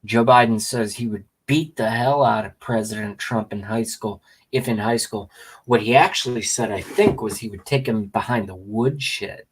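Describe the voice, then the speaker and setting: A man's voice: lowish voice, moderate pace, slight background noise. A man hosting a casual vlog and rambling along in loose, profane, self-mocking commentary. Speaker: vlog host.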